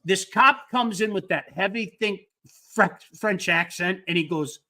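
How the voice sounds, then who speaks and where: A man hosting a casual hockey watch party, telling stories animatedly and stumbling over repeated words when excited. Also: sits high, unhurried. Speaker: host. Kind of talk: casual chat.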